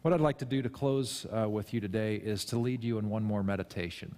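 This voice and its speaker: A man's voice: lowish voice, fairly quick, dark tone. A man preaching a sermon to his congregation, conversational and self-deprecating, with emphatic rises. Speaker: pastor. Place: church sanctuary. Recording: long hall reverb.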